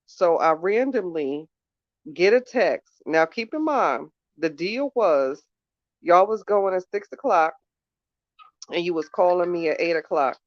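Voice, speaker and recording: A woman's voice: low-pitched, dry recording, muffled recording. A woman vlogging in casual chat, ranting to her viewers in an exasperated way about her evening plans.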